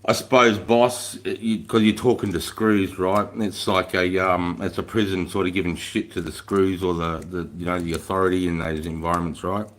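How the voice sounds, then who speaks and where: A middle-aged man with a deep, low-pitched voice talks casually to his livestream viewers. He rambles, swears a lot and laughs easily as he answers their comments. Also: little pitch movement, moderate pace, few pauses, a bit bright. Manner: profane, rambling, laughs often. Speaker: livestream host.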